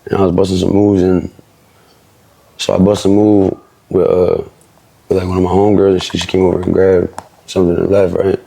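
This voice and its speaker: A young man from Philadelphia tells his own story with a low, gravelly voice and a husky edge. He rambles fast in heavy street slang, easy and unpolished. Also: monotone, warm tone. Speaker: interview guest, rapper. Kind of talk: casual storytelling.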